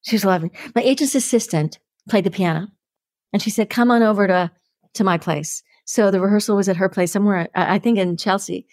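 A middle-aged woman, a podcast guest telling stories with lively energy and acting out the voices in them. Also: mid-range voice, a little fast, dry recording, clean studio sound. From New York. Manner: lively, acts out the voices in her stories, laughs often. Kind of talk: animated storytelling.

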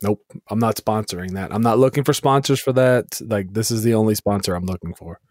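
A man co-hosting a podcast, trading dry, teasing remarks and laughing along. His voice sits on the low side. The recording is dry and close. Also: fairly quick, a little mellow, no echo. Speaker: podcast co-host. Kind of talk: casual chat.

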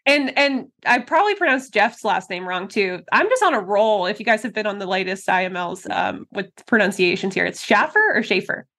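A woman's voice: mid-range voice, animated, a little fast, few pauses, a bit bright. A woman hosting a marketing webinar in a bubbly, casual way, with lots of fillers and laughs. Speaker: podcast host.

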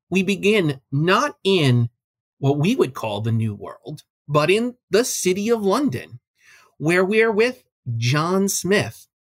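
A man's voice: high voice, dry recording. Dry-sounding jokey male podcast host. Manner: jokey, playful asides. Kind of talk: casual film discussion chat.

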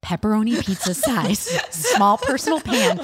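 A woman podcast co-host telling a story in casual chat, animated, swearing and saying "like" a lot. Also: medium pitch, measured pace, big-room sound. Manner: animated, swearing, full of "like" and "literally".

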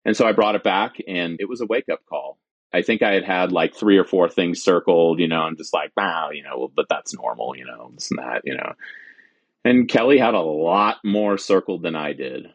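A man's voice: deep voice, animated, normal speed, dry recording, lo-fi sound. A man in his forties, a military veteran, telling his story candidly and acting out remembered conversations. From United States. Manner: earnest, candid, acts out quoted dialogue. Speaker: veteran guest. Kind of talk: personal storytelling.

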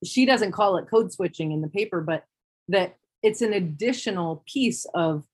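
A woman talking in a relaxed discussion, thoughtful and wry, often restarting her sentences. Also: on the low side, normal speed, breathy edge. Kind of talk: casual discussion.

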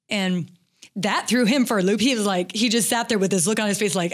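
A middle-aged woman telling a personal story as an interview guest, candid and halting, with many fillers. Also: mid-range voice.

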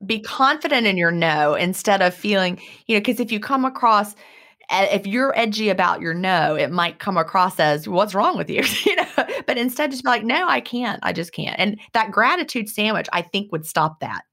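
A woman's voice: medium pitch, animated, moderate pace, sharp tone. A woman co-hosting a casual advice talk who reflects thoughtfully and laughs lightly between points.

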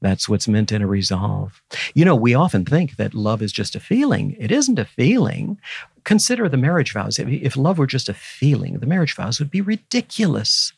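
A man's voice: mid-range voice, sing-song, a little fast, gravelly, breathy edge, no room sound, studio quality. A man in his seventies, a guest scholar in an interview, talking in an earnest, teacherly and emphatic way. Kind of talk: reflective interview conversation.

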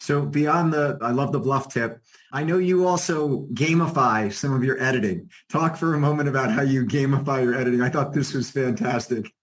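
An enthusiastic man interviews a guest and praises the guest's ideas as he asks his questions. His pitch is mid-range, with faint noise under the recording. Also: normal speed.

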